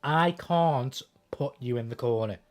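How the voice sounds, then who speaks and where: A man streaming a fighting game, swearing casually and thinking out loud about his strategy. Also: mid-range voice, unhurried. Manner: profane, thinks out loud, self-deprecating. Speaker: gaming streamer. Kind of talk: casual commentary while playing a fighting game.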